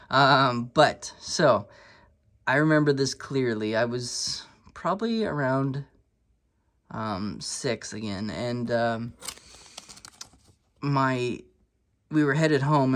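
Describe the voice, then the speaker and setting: Man, thirties, easygoing card-collecting vlogger, rambling and self-deprecating delivery. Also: medium pitch. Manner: relaxed and rambling, with many fillers and restarts. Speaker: sports card collector and channel host. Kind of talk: casual storytelling vlog.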